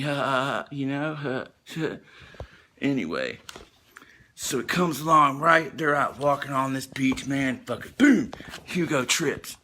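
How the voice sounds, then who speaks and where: A man drawls through a rambling, profane comic recap in a slow, laid-back way, laughing at his own asides. His voice sits at a middling pitch. A faint hiss of background noise runs under the recording. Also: expressive, pushed and bright. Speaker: storyteller.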